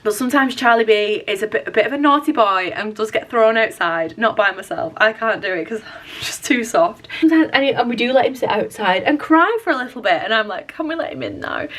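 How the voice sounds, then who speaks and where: A woman's voice: on the high side, fairly quick, a bit bright. A young woman, chatting casually to camera in her bedroom, rambling and self-deprecating. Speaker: vlogger. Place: bedroom at home.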